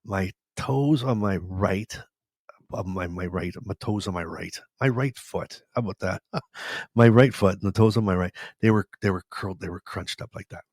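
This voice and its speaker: A man's voice: low-pitched, moderate pace, darkish tone, dry recording, studio quality. A man in his forties from Canada, hosting a live Q&A and telling his story in a rambling way, correcting himself and laughing often. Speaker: host.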